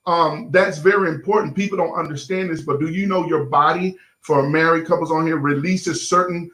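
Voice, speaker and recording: Speaking to viewers in an echoing room, a middle-aged pastor and show host with a fairly high, slightly bright voice gives a loose, sermon-like talk at normal speed and in a steady tone. Folksy and relaxed, he calls the camera audience "y'all" and stumbles through plenty of fillers.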